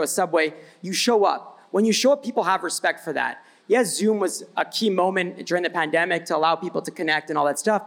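Male panelist, high and gravelly, energetic blunt storytelling at a live event. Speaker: brand founder, panelist. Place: event stage before live audience.

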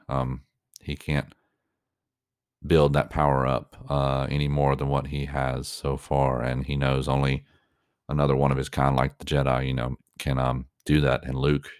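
A man's voice: very deep voice, clean tone, dry recording, clean studio sound. A man giving reaction commentary on a show, earnest and openly moved, rambling with many fillers and restarts.

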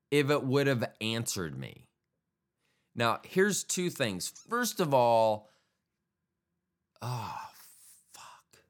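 A man's voice: mid-range voice, very animated, extremely slow, long pauses, fairly bright tone. A man hosting a podcast, rambling casually on his own in a jokey, profane way. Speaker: podcast host. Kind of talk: casual solo podcast monologue.

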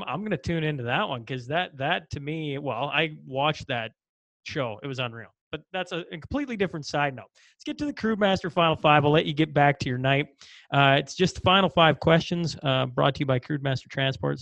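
A man's voice: on the high side, fairly quick, gravelly, a bit bright, no room sound. Chatty man in his thirties hosting. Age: 30s. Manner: easygoing, chatty, enthusiastic. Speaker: podcast host. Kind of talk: casual podcast interview.

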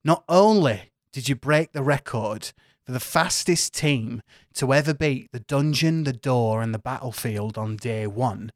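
A man from the UK, narrating as game master with an animated, joking manner. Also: mid-range voice, a little slow, hardly any pauses, no echo, clean studio sound. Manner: animated, joking, swears casually.

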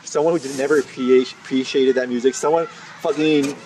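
A man co-hosting a podcast, chatting casually with blunt, quick reactions. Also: mid-range voice, steady tone, darkish tone, a little hiss or hum, low-quality recording. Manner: blunt, reactive, laughs along. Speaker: podcast co-host. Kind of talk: casual chat.

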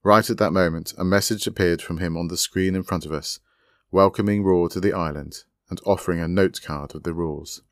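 A man calmly narrating his own short story as its author. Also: low voice, brisk, no echo, clean studio sound.

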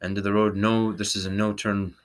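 A man's voice: on the low side, flat delivery. A man co-hosting a sports betting talk show, joking and playful as he runs through tennis odds. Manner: jokey, playful, quick asides. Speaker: sports betting podcast co-host. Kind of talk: casual banter about tennis odds.

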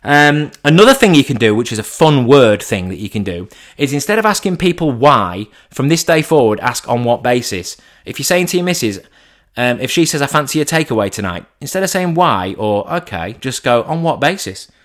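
A man talking casually in a monologue, animated and swearing, acting out mock phone calls in different voices. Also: medium pitch, fairly quick.

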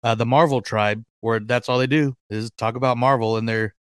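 A man hosting a fan podcast in casual chat, excitable and rambling, with lots of fillers and restarts. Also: mid-range voice, fairly quick, clear, resonant tone, dry recording, studio quality. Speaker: podcast host.

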